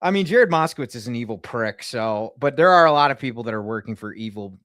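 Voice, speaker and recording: A male streamer chatting casually with his viewers in an excitable, gleeful way, swearing freely. His voice sits at a middle pitch. The sound is dry and close, with no room around it. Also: fast talker, no echo. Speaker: streamer and prank caller. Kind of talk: casual live-stream chat.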